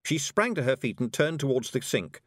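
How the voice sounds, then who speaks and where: A man narrates a story in a measured, expressive way. His pitch rises and falls a lot as he reads. The recording is dry and close, with no room sound. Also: dry recording. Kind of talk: audiobook narration.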